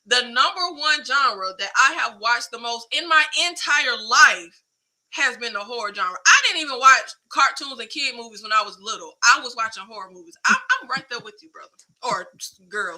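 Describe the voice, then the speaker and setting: A woman hosting a film talk show in casual chat, animated and slangy. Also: fairly high pitch, moderate pace, low-quality recording. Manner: animated, slangy, emphatic, laughs often. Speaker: film podcast host.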